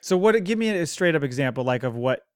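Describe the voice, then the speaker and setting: A man's voice: on the high side, expressive, fast talker, clean tone, no echo, clean studio sound. A man co-hosting a casual podcast chat, tossing in wry, sarcastic quips. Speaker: podcast co-host.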